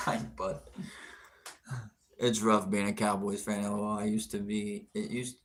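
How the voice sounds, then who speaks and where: A man's voice: fairly low pitch, a bit bright, a little hiss or hum. A young man hosting an outdoors livestream, answering viewer comments in a brash, teasing, profane way with frequent laughter.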